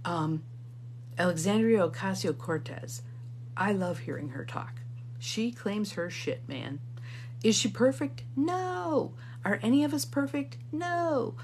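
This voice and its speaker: A woman's voice: mid-range voice, darkish tone, slight background noise. A middle-aged woman giving an upbeat coaching talk, repeating key phrases for emphasis and reading viewer comments aloud. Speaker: intuitive guidance coach. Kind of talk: live motivational coaching talk.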